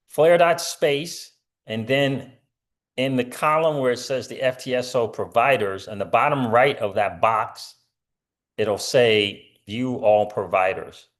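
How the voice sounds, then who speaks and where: A man's voice: mid-range voice, takes it slowly. A middle-aged man hosting a casual crypto livestream, rambling with lots of fillers and answering viewer comments.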